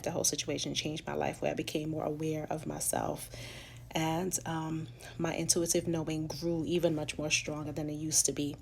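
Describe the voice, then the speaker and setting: Vlogger, female, New York accent, low gravelly voice, frank and profane storytelling, faint room hum. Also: a little mellow. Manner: candid and profane, acts out quoted people in a high voice. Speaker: vlogger sharing her life story. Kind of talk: casual storytelling monologue.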